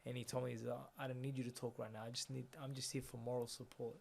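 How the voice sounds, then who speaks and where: A young man telling a personal story as a guest in a conversation, speaking quietly and reflectively, often letting his voice drop softer. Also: medium pitch, level tone, quick pace, vocal fry, slight background noise. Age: young adult.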